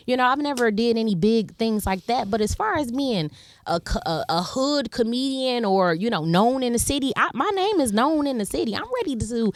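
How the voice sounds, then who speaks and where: A woman's voice: a little high, lively intonation, normal speed, dry recording. Blunt woman comedian, dry close mic. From Detroit, USA. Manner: blunt, emphatic, slangy. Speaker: comedian guest. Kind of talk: casual podcast conversation.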